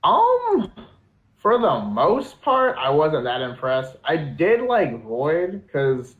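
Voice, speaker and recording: A man's voice: on the high side, wildly swooping pitch, slow. A man co-hosting a podcast in casual movie-review chat, loose and full of "like" and "I mean". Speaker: podcast co-host. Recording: roomy, dull lo-fi sound.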